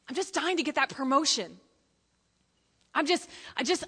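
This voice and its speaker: A woman preaching a lively sermon in church, telling jokey stories and acting out quotes. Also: high voice, unhurried, pauses often.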